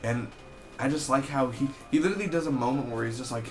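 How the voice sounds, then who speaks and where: Excitable young man reviewing a TV episode. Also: mid-range voice, quick pace, music in the background. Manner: excitable and chatty, full of "basically" and "man". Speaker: TV show reviewer. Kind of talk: casual spoiler review vlog.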